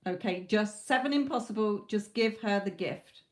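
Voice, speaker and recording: Speaking at a moderate pace in a mid-range voice, a woman from Britain reads tarot live for a viewer. She offers frank, mothering guidance and keeps repeating "okay?"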